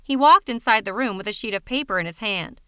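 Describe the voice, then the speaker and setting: Bright, crisp woman narrating an audiobook. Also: fairly high pitch, lively intonation, fast talker, no echo, studio quality.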